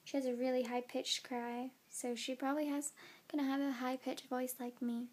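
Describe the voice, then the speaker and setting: A young woman with a somewhat high voice tells her story into a phone camera. She sounds tired and yawns now and then. She talks casually, with plenty of fillers. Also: little pitch movement, moderate pace, darkish tone. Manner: chatty, many "like" and "um" fillers. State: tired, yawning. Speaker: new mother.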